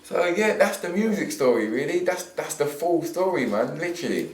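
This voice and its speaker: A man's voice: fairly high pitch, moderate pace, distant mic, a little hiss or hum. A man, chatting casually on a podcast, repeating and restarting his words. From England. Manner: animated, slangy, repeats words. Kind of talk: casual chat. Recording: echoey room, away from the mic.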